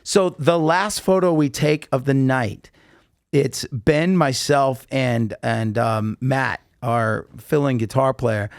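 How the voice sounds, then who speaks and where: Male podcast guest, mid-pitched, animated storyteller, dry close recording. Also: takes it slowly, no echo. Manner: animated storyteller acting out quotes. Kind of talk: casual chat, storytelling.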